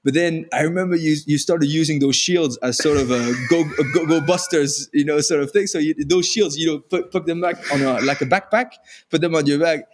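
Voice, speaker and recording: A man with a French accent, a former rugby player and podcast guest, telling self-deprecating stories in animated casual chat. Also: on the high side, brisk, a little hiss or hum. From France. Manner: self-deprecating, animated storyteller with frequent restarts.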